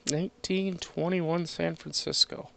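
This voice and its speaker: A man's voice: fairly high pitch, steady tone, a little slow, vocal fry, fairly bright tone. A man chatting casually while sorting through coins, easygoing and chatty, chuckling between remarks. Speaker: coin collector streaming a penny hunt.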